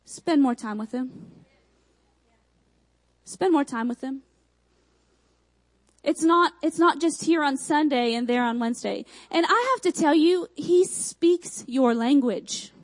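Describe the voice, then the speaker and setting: A young woman from Michigan with a Texan accent, preaching a sermon with emphatic repeated phrases and quick asides. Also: sits high, rough recording.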